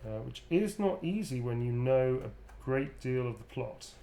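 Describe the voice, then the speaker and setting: A man hosting a live game stream in relaxed, casual chat, joking and swearing freely. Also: medium pitch, a little slow, gravelly, noisy background.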